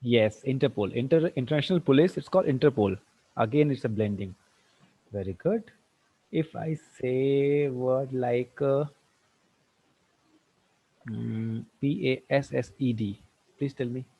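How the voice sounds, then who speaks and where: A man teaching an online tutorial, firing quick questions at students and slipping into Hindi. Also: medium pitch, breathy edge. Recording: dull lo-fi dry sound.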